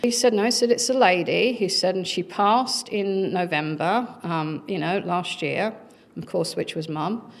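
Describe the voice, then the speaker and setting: A woman's voice: fairly low pitch, a little slow, gravelly. Chatty woman telling a story. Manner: chatty, frequent fillers, acts out quoted voices. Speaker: conference speaker. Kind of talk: conference talk, personal anecdote.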